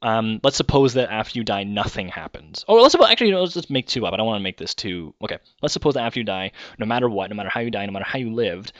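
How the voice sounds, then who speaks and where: Barely pausing, a Canadian podcast host races through his ideas at a very fast clip, rambling conversationally and revising sentences midway. His fairly low voice is animated, and the lo-fi recording has no echo.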